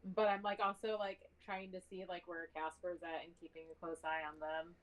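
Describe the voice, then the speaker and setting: A woman's voice: fairly low pitch, level tone, normal speed, poor audio. A woman playing a tabletop game who talks casually and hesitantly with many fillers. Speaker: player. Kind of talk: in-character roleplay.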